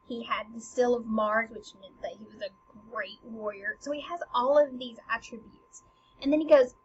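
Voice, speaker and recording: A woman casually explaining a play scene by scene, paraphrasing it in lively everyday slang. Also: a little high, normal speed. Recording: slightly dull lo-fi recording with faint noise.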